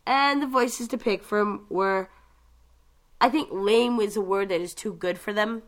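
A woman chatting casually about video games, telling the story with lively asides and quick mimicked voices. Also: medium pitch. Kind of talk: casual gaming chat.

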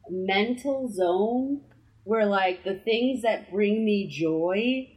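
A woman's voice: medium pitch, very slow, a little mellow, poor audio. Wry self-deprecating woman podcaster. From Massachusetts, USA. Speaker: podcast co-host. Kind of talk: casual chat.

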